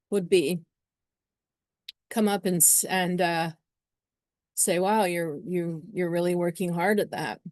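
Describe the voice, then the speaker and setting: A woman's voice: fairly low pitch, a little mellow, no echo, studio quality. A woman astrologer talking casually to her viewers, chatty and meandering, slipping into acted-out little scenes. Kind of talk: casual astrology talk to camera.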